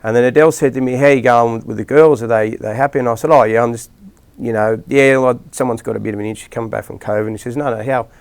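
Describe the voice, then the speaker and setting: A man's voice: medium pitch, fairly even intonation, quick pace, clear, resonant tone. A middle-aged Australian man, a rugby league coach, telling rambling stories in a casual interview with lots of restarts and fillers.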